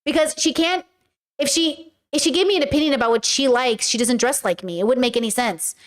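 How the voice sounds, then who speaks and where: High-voiced woman rambling candidly on livestream. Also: a little fast. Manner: candid and rambling, swears freely, acts out her own quotes. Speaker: livestream host. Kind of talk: casual livestream chat. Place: home livestream.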